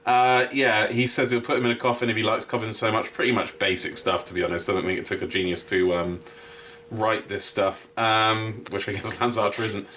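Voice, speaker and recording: A man co-hosting a podcast in casual chat, ranting with animated, sweary exasperation. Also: lowish voice, brisk, a little hiss or hum. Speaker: podcast co-host.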